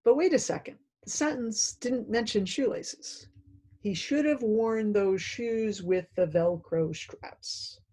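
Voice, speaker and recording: A woman's voice: on the high side, takes it slowly, warm tone. A woman training teachers in a self-paced video lesson, explaining in a direct, conversational way.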